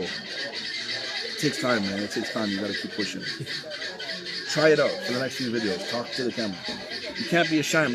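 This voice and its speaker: A man coaching a beginner on making videos, talking directly and encouragingly. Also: medium pitch. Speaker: YouTube coach giving advice. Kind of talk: casual coaching chat. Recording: crowd noise behind. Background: crowd.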